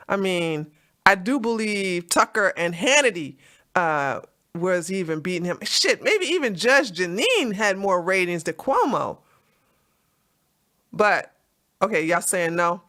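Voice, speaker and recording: Woman host, bright and lively, profane, laughing at the news, casual riffing. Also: medium pitch, measured pace. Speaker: commentary show host. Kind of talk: casual mocking commentary.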